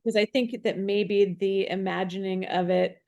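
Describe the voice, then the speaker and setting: Woman co-host with a medium-pitched voice, encouraging and affirming in a relaxed chat. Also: a little slow, vocal fry. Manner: affirming, supportive listener. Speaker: podcast co-host. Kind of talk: casual spiritual chat.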